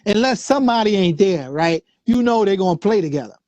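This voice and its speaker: A man with a high voice tells a story in casual, slangy talk. He laughs easily and keeps checking in with his listener. The sound is dry and close. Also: animated, a little fast, a little mellow, dry recording. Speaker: guest musician.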